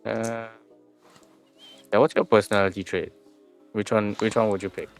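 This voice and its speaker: A man's voice: lowish voice, flat delivery, normal speed, soft background music. A man acting as game master in a casual tabletop session, musing aloud and humming filler syllables as he thinks.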